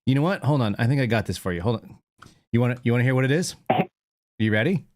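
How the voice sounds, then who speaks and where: A male call-in host rambles through a story, filling it with "like" and breaking into laughter. His voice is mid-pitched and recorded very dry, with no room sound. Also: expressive, fast talker, a little mellow, no room sound. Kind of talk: casual storytelling chat.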